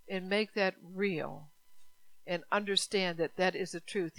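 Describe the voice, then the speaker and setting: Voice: medium pitch, normal speed, a bit bright, no room sound, poor audio. A preacher delivering a fervent sermon, repeating exhortations and asking the congregation rhetorical questions.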